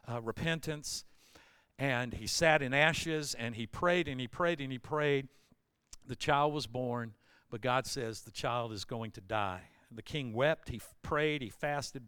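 A man pastor preaching a sermon, retelling a scripture story in plain everyday words and building to loud emphatic bursts. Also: medium pitch, clear, resonant tone, dry recording.

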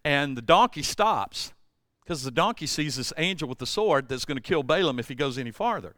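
A man preaching a sermon as a pastor, conversational and animated, acting out the voices of people he quotes. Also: a little high, normal speed, no echo, clean studio sound.

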